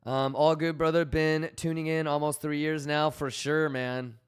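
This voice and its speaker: A man's voice: on the high side, level tone, normal speed, smooth. A man hosting a live stream, joking around loosely with swearing and greeting viewers by name. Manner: loose, profane banter reading chat messages aloud; hyped, calling out viewers by name. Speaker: livestream host. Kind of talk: casual livestream chat.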